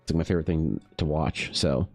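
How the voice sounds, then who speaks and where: A man's voice: rumbling low, a little fast, darkish tone, soft background music. A man casually chatting with stream viewers while drawing, rambling and swearing freely.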